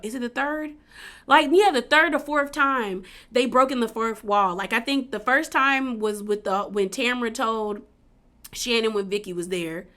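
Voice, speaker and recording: A chatty woman recapping a reality show in a casual video. Her voice is bright and forward, and her talk is full of fillers as she acts out quotes. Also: fairly high pitch.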